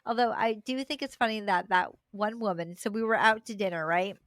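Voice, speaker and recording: A woman's voice: mid-range voice, brisk, fairly bright tone, no echo, studio quality. A young adult woman co-hosting a podcast, chatting casually and animatedly, laughing and acting out quoted voices. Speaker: podcast co-host. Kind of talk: casual chat.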